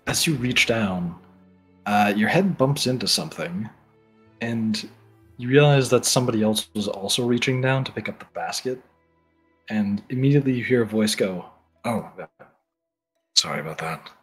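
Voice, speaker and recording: A man narrating a tabletop role-playing game as game master, in a calm, measured way. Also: mid-range voice, slightly rough, faint music behind.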